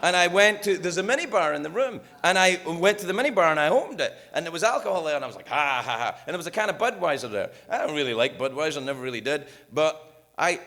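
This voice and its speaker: A man's voice: on the high side, animated, fast talker. A man speaking candidly at a recovery meeting, swearing freely and joking with the room. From United States. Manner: swears freely, jokes, shifts between loud bursts and quiet asides. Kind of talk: personal recovery talk, profane and candid. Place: meeting hall with audience.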